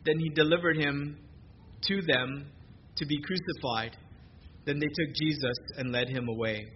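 A man preaching a sermon at a church service, reading scripture in a measured way and slowing down for emphasis. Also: on the high side, fairly even intonation. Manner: measured preaching, slows for emphasis, occasional fillers. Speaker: pastor. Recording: dull lo-fi recording with noise.

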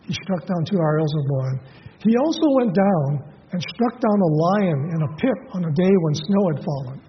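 A man with a high-leaning voice and lively intonation preaches a sermon conversationally at a normal speed, asking his listeners questions and often restarting with fillers. The audio is dull, in a reverberant hall, with slight background noise.

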